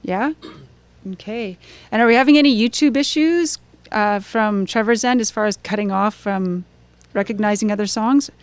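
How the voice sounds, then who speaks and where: This woman's mid-range voice is smooth and moves at a moderate pace, with no room sound. A singer-songwriter at a live concert, she chats between songs, losing and regaining her train of thought over guitar playing in the background.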